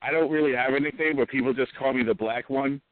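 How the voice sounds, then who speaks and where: Offhand deadpan guy on a phone line. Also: mid-range voice, fast talker, no echo. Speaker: podcaster and comedian guest. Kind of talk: casual podcast chat. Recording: phone-like narrow sound.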